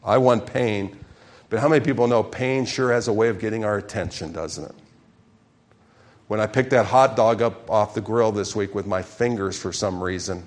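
A man's voice: fairly low pitch, moderate pace. A man, a pastor, preaching a sermon and calling out to his congregation with emphatic questions.

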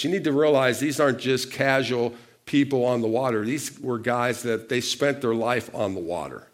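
A male pastor with an ordinary middle-pitched voice delivers a lively sermon at normal speed, asking the congregation questions and prompting them to answer. He gets louder for key points and quieter for asides.

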